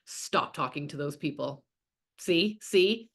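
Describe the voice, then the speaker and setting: A woman's voice: low-pitched, expressive, slow pace, fairly bright tone. A woman business coach teaching a live online masterclass, talking candidly and casually, swearing freely and reading out viewers' comments as she goes. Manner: casual, chatty, heavy with fillers like "like".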